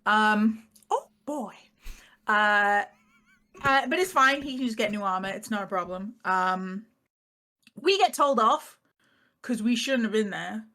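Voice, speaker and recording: A British woman recapping a tabletop game in casual, rambling chat, self-mocking and quick to laugh. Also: medium pitch, lively intonation, pushed and bright. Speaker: player giving the recap.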